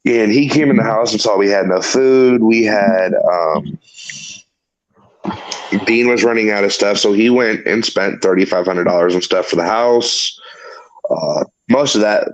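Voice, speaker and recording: A man's voice: lowish voice, rough recording. A man hosting a talk show, telling a long story in casual, rambling chat full of swearing. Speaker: podcast host.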